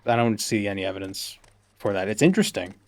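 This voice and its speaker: A man's voice: on the low side, lively intonation, quick pace. A man streaming a game, musing aloud in a rambling way full of fillers and restarts. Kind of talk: casual gameplay commentary.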